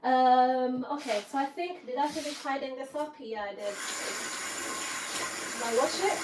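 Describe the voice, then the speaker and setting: A woman's voice: high-pitched, unhurried. A woman hosting a live stream from her home kitchen, rambling and laughing as she chats and does chores. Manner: rambling, chatty, laughs often, talks to herself while doing chores. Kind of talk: casual live-stream chat. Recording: echoey room with background noise.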